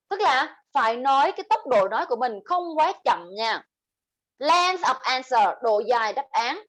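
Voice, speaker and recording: A woman with a Vietnamese accent teaching an English speaking class, explaining terms and slowly modeling example sentences. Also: high voice, poor audio. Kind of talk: online class lesson.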